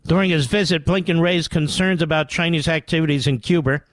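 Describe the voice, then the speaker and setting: A man's voice: fairly high pitch, fairly quick, fairly bright tone, dry recording. A man hosting a political talk radio show, delivering combative, mocking commentary.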